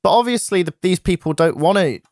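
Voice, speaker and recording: A man's voice: high voice, lively intonation, fairly quick, darkish tone, no room sound, clean studio sound. Playful teasing man. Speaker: co-host. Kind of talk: casual banter.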